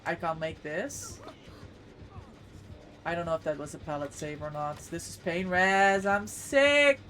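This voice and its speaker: A woman's voice: on the low side, very animated, a little slow, fairly bright tone, faint music behind. A woman streaming a game, commenting on her play to herself with panicky outbursts. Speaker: streamer and competitive player. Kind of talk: live gameplay commentary.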